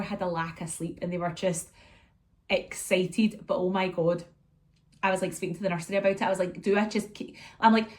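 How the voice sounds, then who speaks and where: A woman with a Scottish accent chatting casually to her viewers, telling animated stories and acting out what was said. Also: on the low side. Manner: chatty and animated, acts out scenes and quotes her kids. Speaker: vlogger catching up with viewers. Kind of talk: casual chat, storytelling.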